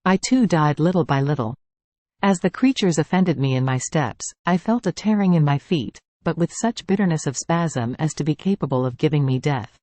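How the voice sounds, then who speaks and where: A reader of devotional writings, speaking in a calm, even, measured way as a steady scripted reading. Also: medium pitch, no room sound.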